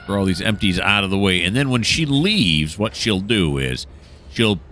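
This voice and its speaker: A man's voice: lowish voice, sing-song, moderate pace, bright, forceful tone, a little hiss or hum. A man casually commenting while playing a train simulator game, joking and mocking himself as he rambles. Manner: jokey, self-mocking, rambling. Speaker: gameplay commentator.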